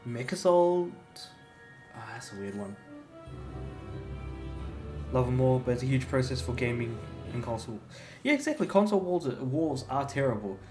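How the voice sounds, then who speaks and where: A man's voice: mid-range voice, sing-song, normal speed, long pauses, a little mellow. A young man talks loosely to his stream chat, wandering between thoughts and full of fillers and restarts. His voice sits in a plain middle range and bounces around an echoey room, with faint music underneath. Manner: rambling, many fillers and restarts. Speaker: game streamer. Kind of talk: casual chat while livestreaming.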